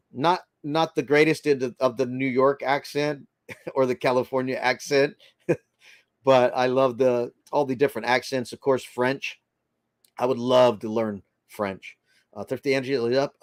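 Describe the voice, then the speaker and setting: A man's voice: mid-range voice, fairly even intonation, a little slow, no room sound, studio quality. An older man hosting a casual livestream, chatting loosely and reading viewer comments aloud. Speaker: livestream host reading chat.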